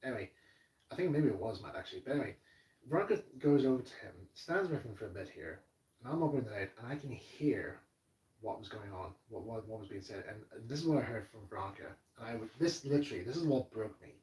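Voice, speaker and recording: A man's voice: lowish voice, expressive, fast, a little mellow, distant mic. A man telling a rambling, emotional story to camera as a model railway hobbyist, stumbling over restarts and repeated words. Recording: echoey room, voice off-mic.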